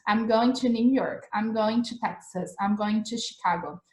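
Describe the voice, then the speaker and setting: An English teacher gives a casual live-streamed lesson from her home in Australia, her fairly high, slightly mellow voice at normal speed in an echoey room. She's chatty, repeats phrases and often says "like" and "right?".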